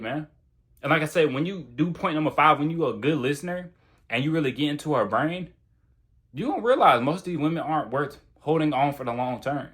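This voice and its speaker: A man's voice: fairly high pitch, sharp tone. A man giving casual, blunt self-improvement advice straight to the camera, in a slangy, conversational way. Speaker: self-improvement video creator.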